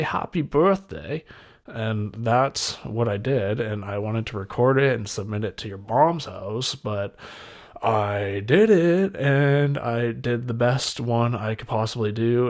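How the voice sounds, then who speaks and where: A young man hosting his own podcast alone, chatting casually in a rambling, laid-back way with loose slang. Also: fairly low pitch. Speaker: podcast host. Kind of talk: casual solo podcast chat.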